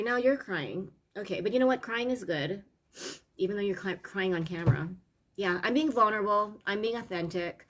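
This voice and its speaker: A woman's voice: medium pitch, a bit bright. A middle-aged woman on a live stream, coaching parents in an earnest, emotional, confiding way, with many fillers and restarts. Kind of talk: live-streamed heartfelt talk. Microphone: live stream from home camera.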